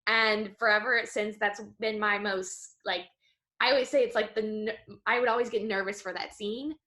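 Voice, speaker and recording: A young woman in her twenties talks with an excited, tumbling rhythm, restarting her sentences and filling them with little fillers. Her voice is bright and forward, sitting in a middle register for a woman. It sounds like relaxed interview chat. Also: medium pitch, normal speed. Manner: animated, tumbling restarts and frequent "like". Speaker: guest, Broadway performer and dancer.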